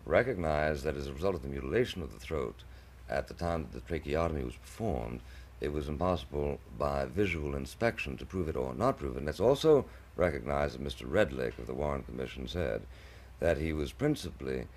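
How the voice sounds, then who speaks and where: A man's voice: rumbling low, expressive, a little fast. A man hosting a televised debate, speaking in ornate, hesitant sentences with frequent stammered restarts.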